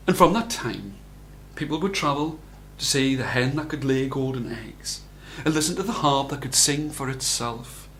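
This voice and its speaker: An older man, a grandparent, reading traditional tales aloud as bedtime stories in a soft, animated way. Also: medium pitch, moderate pace, slight background noise. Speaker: grandparent storyteller. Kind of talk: bedtime storytelling.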